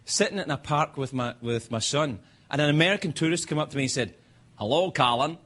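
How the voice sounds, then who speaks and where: A man's voice: fast, a little hiss or hum. A Scottish man hosting a late-night show, telling self-mocking stories in a stand-up monologue. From Scotland. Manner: animated, self-mocking storytelling with sudden high-pitched bursts. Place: television studio with live audience.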